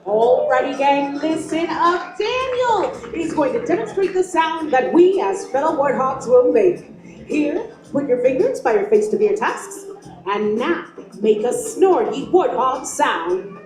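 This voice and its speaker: A woman's voice: high-pitched, sing-song, a little slow, over music. A woman playing Zawadi, a sassy teasing showgirl. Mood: playful. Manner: teasing, playful crowd-work. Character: sassy flirty female troupe member. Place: outdoor theme park stage through loudspeakers. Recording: echoey amplified live stage sound.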